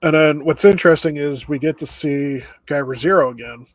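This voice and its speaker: A man co-hosting a podcast in casual chat, recapping the plot in a steady, easygoing way. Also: fairly high pitch, brisk, no room sound. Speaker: podcast co-host.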